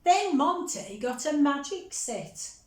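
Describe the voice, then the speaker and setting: A woman reading a picture book aloud to children, gently chatting with them between pages. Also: high voice, sing-song, slow pace. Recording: roomy echo.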